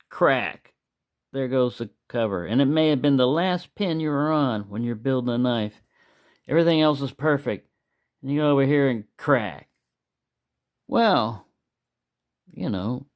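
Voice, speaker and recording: A man's voice: mid-range voice, clear, resonant tone. A man hosting his own channel, talking in a loose, meandering way in a casual monologue. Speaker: knife collector and channel host.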